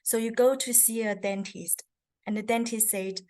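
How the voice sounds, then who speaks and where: A woman's voice: on the high side, steady tone, normal speed, a little mellow. A woman, teaching a beginners' lesson on characters and tones, patiently explaining step by step. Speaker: language teacher. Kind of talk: presenting a Chinese lesson.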